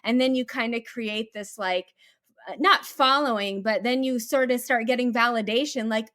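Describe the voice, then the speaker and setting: A woman's voice: on the high side, steady tone, moderate pace, fairly bright tone. Enthusiastic woman podcast host. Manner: enthusiastic, reflective summarizing. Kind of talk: conversational interview.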